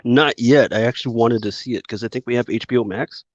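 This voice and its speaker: Brief: relaxed Californian co-host guy, mid voice, dry and a bit muffled. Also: medium pitch, quick pace, dry recording. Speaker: podcast co-host. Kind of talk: casual chat.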